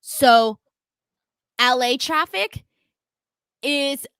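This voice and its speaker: Podcast host, woman, high and bright, animated storyteller. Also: drawn-out words, clear, resonant tone, no room sound. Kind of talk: casual livestream chat.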